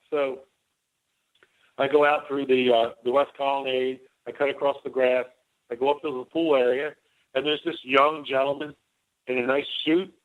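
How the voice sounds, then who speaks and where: A middle-aged man, a former White House officer, telling rambling anecdotes as an interview guest and acting out both sides of the dialogue. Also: medium pitch. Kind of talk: casual storytelling interview. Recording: tinny phone line.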